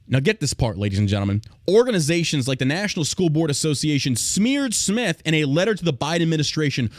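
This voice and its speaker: A man with a fairly high voice hosts a podcast, launching into a furious, profane, emphatic rant aimed directly at his listeners. The studio-quality sound has no echo.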